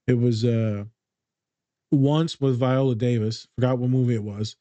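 A man's voice: mid-range voice, fairly even intonation, a little slow, warm tone, no room sound. A man talking in a casual podcast chat as a therapist, blunt and streetwise, swearing freely.

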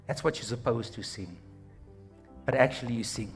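Animated pastor man preaching. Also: mid-range voice, normal speed, pauses often, faint music behind. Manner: exhorting, calls for amens; animated, slips into quoted voices. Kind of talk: sermon.

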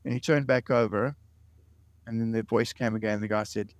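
A man's voice: on the low side, fairly even intonation, moderate pace, dry recording. A man in his late forties, a guest in an interview, telling stories earnestly and often repeating words. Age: late 40s. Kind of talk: interview conversation.

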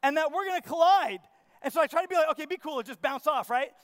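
Male pastor, high tenor, animated storyteller who preaches straight to his congregation. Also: quick pace. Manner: animated storytelling, acts out his own panic; asks the congregation questions. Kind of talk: sermon. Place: church.

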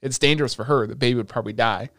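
Guy doing a worried smart kid thinking to himself, quiet and dry. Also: mid-range voice, rapid-fire, no echo, lightly acted. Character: clever young boy hero of an anime.

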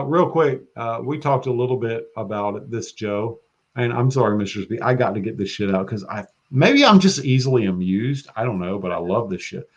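Male podcast guest, mid-pitched, excitable and foul-mouthed, muffled lo-fi audio. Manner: excitable and profane, breaks into loud quoting. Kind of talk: casual podcast chat. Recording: dull lo-fi sound.

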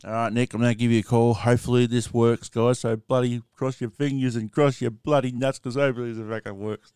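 Smooth-voiced Australian man hosting a live stream. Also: mid-range voice, level tone, a little fast, darkish tone, dry recording, clean studio sound. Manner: swears casually, chatty. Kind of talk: casual live stream chat.

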